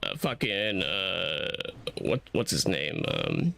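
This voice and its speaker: A man in casual stream chat, animated and profane, laughing often. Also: deep voice, slow pace, creaky.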